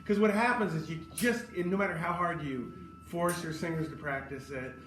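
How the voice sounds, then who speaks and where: A man's voice: on the high side, normal speed, a bit bright, slight background noise. A man teaching choral conducting, giving feedback and singing short phrases to demonstrate. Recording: roomy hall, from a distance, with music.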